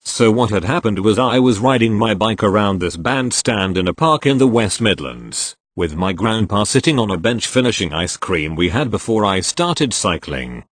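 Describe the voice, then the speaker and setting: A man's voice: fairly low pitch, no room sound. A man reading online stories aloud, spelling out abbreviations letter by letter. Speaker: narrator reading online posts.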